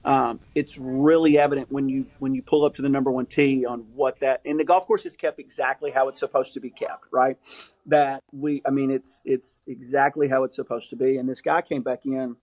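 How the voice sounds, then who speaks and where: A man who works in a golf shop, casually telling animated stories on a podcast. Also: mid-range voice, brisk, no room sound, poor audio. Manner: animated, acts out customers. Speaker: golf shop staff guest. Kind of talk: casual storytelling.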